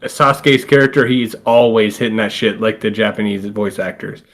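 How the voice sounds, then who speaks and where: A man's voice: lowish voice, normal speed, fairly bright tone. A man co-hosting a podcast, talking in a laid-back way with many fillers, chuckling along as he explains. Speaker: podcast co-host. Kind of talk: casual chat.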